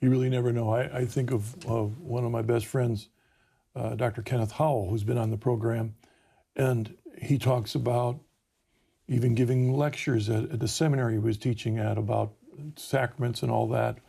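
A man hosting a religious talk program, reflective and measured in conversation with his guest. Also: medium pitch, fairly even intonation, gravelly, warm tone, slightly rough. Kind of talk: casual interview conversation.

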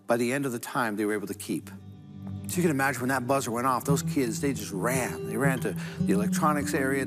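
A man delivers a Catholic devotional sermon, leading prayers and telling a story in an earnest, measured way. His voice sits in a middle range, he uses a rhythmic, repetitive preaching cadence, and soft music plays behind him. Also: medium pitch.

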